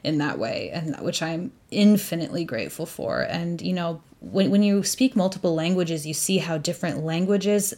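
A woman with a somewhat low voice talks casually as a guest. She describes food in an animated way and laughs often. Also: moderate pace, hardly any pauses. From United States. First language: Arabic. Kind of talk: casual chat.

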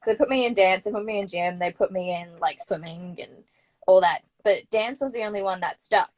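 A young Australian woman, an actor, telling her story in a chatty, animated way as an interview guest. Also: medium pitch, brisk. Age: young adult. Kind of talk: casual interview chat.

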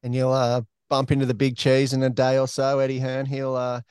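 A man's voice: medium pitch, completely flat delivery, a little fast, a little mellow, smooth, no echo, studio quality. A man hosting a podcast, chatty and joking as he interviews a guest. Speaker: podcast host. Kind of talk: casual interview.

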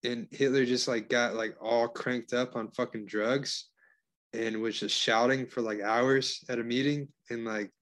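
A man's voice: medium pitch, fairly even intonation, unhurried, fairly bright tone. Man co-host, from Florida, casual swearing storyteller, mid-range voice. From Florida, USA. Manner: profane, storytelling, says dude a lot. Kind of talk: casual crude banter.

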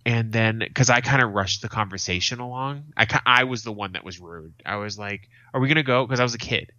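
Profane animated man, bright voice. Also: fairly low pitch, brisk, dry recording, dull audio. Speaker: podcast co-host. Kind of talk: casual chat.

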